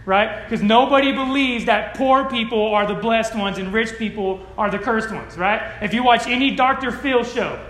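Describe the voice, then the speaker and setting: High-voiced pastor in an echoey room. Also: male voice, normal speed, hardly any pauses, a bit bright. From California. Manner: conversational, tag questions "right?" often. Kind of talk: sermon.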